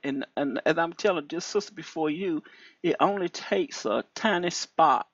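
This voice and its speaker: A woman minister giving an animated testimony over a phone call, preachy and repetitive, her voice leaping high when excited. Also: moderate pace, breathy edge, no room sound. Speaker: deliverance minister. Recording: dull lo-fi call audio.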